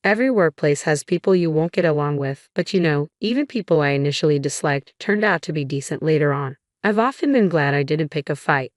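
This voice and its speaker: A middle-aged woman narrating a scripted family drama story in an even, measured reading voice, doing every part herself. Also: low-pitched, no echo, studio quality.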